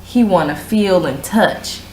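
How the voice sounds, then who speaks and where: A woman hosting a casual chat show, telling a long story with slang and acting out the other people's lines in a higher voice. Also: slow pace, roomy sound, poor audio. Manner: animated, slangy, acts out quotes in a higher voice. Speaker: show host.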